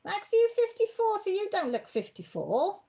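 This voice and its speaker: Her voice is very high-pitched with huge pitch swings at normal speed as this craft channel host chats on a casual home live stream. Warm-hearted and emotional, she comes close to tears thanking viewers.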